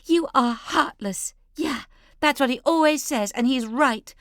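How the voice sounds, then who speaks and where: A woman doing a shrill, furious young daughter. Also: big pitch swings, normal speed, no echo, clean studio sound. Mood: furious yelling. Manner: yelling, indignant.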